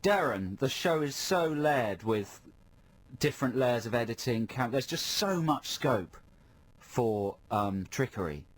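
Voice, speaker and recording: A man co-hosting a radio show, chatty and explanatory, quick to laugh. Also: medium pitch, lively intonation. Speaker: radio co-host. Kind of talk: casual radio chat. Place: radio studio. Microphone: studio microphone.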